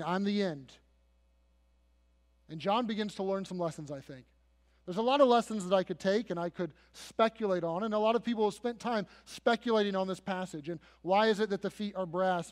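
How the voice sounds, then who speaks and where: A high-voiced male pastor preaches with dramatic storytelling, sinking to soft passages and swelling to loud, emphatic peaks. His voice rings out with a long reverb, as in a large church sanctuary. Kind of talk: sermon.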